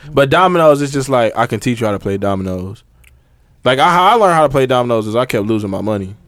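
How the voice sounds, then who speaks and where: A man speaks quickly and matter-of-factly with a lively voice. The recording is dry and close, with no room echo. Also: medium pitch. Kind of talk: casual chat.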